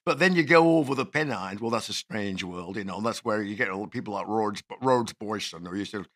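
A man's voice: fairly low pitch, a little fast, fairly bright tone. A man from the English Midlands hosting a podcast, chatting in a rambling, sweary, boisterous way. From Nottinghamshire, England. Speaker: podcast host. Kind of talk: casual chat.

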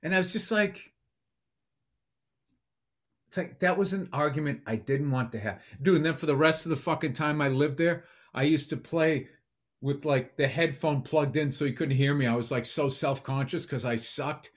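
A man with a notably high voice, riffing on a comedy podcast. He teases his co-host and tells profane, animated stories in loose, joking chat. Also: normal speed. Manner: teasing, profane, animated storyteller who acts out voices.

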